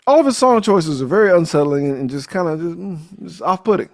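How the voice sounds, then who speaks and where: Talking a little fast in a higher-pitched voice, a podcast host tells a movie's story casually, cracking jokes and swearing with animated energy.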